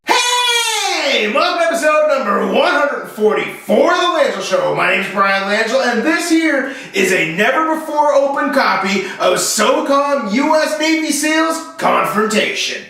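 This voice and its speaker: A man hosting his own show, telling a comic story in an animated, sarcastic way. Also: very high voice, moderate pace, few pauses. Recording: echoey room, voice heard from a distance.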